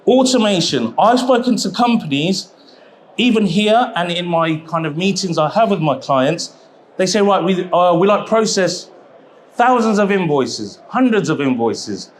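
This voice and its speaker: A man presenting a seminar at a trade expo, chatty and jokey, with quick asides. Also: high-pitched, animated, slight background noise. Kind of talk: live seminar talk. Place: exhibition hall seminar.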